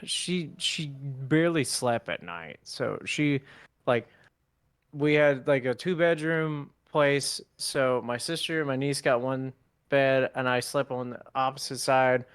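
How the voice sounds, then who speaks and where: A man's voice: medium pitch, measured pace, smooth, no room sound, studio quality. A young man co-hosting a podcast, telling funny stories casually, acting out quotes and swearing freely. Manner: animated storyteller, acts out quotes, swears freely. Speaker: podcast co-host. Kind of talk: casual storytelling chat.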